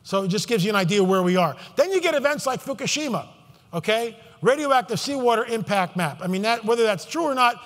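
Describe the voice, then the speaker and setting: A man's voice: extremely high pitch, lively intonation, brisk, fairly bright tone, in a large hall. A man giving an impassioned conference talk from a stage, fervent and emphatic, with many asides and restarts. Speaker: conference speaker.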